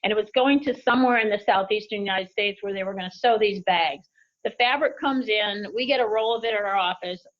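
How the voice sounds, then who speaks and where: Woman ceo chatting in an interview, mid pitch, acts out what people said, kinda muffled lo-fi sound. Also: brisk. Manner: animated anecdotes with lively quoted voices. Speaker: CEO of an apparel company, interview guest. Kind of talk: conversational interview, storytelling. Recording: dull lo-fi audio.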